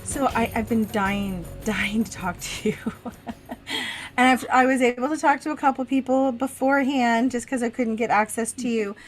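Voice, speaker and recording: Animated middle-aged woman telling a story. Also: on the high side, normal speed, soft background music. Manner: animated storytelling, frequent laughs and swearing. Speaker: podcast co-host. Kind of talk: casual chat.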